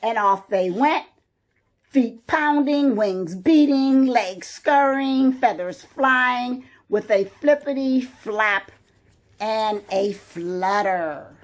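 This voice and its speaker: A woman reading a children's picture book aloud, slow and expressive. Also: fairly high pitch, lo-fi sound. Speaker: storyteller. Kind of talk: children's storybook read-aloud.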